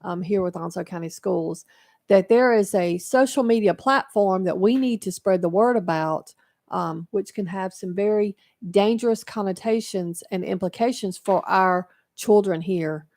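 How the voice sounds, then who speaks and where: A woman's voice: medium pitch, normal speed, darkish tone. A woman co-hosting a talk radio show, earnestly explaining a concern with frequent ums. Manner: earnest, informative, many ums.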